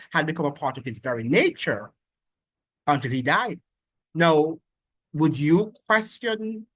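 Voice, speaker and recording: A man's voice: a little high, fairly bright tone, dry recording. A man giving an argumentative political opinion monologue, full of rhetorical questions. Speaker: political commentator.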